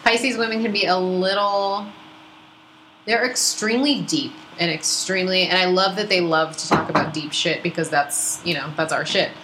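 Woman co-hosting a podcast, chatty and playful, bright voice. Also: on the low side, normal speed, roomy sound, slight background noise, poor audio. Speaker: podcast co-host. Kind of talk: casual chat about astrology.

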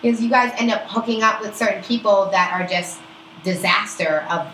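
A woman talks in an easy, unfiltered way as a podcast co-host, speaking bluntly and swearing freely. Her voice has a bright, forceful edge, and the room around her rings with echo. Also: mid-range voice, moderate pace, a little hiss or hum. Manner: blunt, profane, emphatic. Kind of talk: casual chat about astrology. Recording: roomy echo.

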